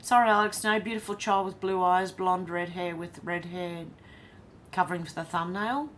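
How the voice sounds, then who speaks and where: An Australian woman with a somewhat low voice hosts a casual live stream. She reads each viewer comment aloud and then answers it in easy, chatty talk. A faint hum of noise sits behind her voice. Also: fairly even intonation, normal speed, fairly bright tone.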